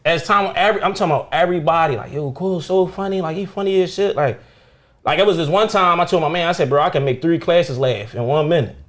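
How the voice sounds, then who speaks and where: A young comedian swaps stories over a meal. His voice sits a bit high for a man, and he talks loosely and profanely. He jumps into other people's voices as he tells each story. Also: fast, a bit bright. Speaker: comedian guest. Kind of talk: casual storytelling chat.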